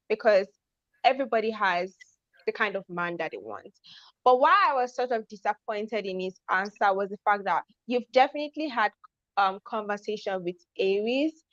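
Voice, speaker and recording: A woman host weighs in with measured, thoughtful opinions during a casual interview. Her voice sounds dry and slightly dull, like a lo-fi home setup. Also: medium pitch, animated, fairly bright tone, no room sound.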